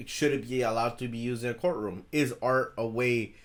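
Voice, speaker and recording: Excitable man on a podcast call. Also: mid-range voice, normal speed. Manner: loose and excitable, swears and laughs easily. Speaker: podcast co-host. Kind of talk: casual podcast chat. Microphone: video call.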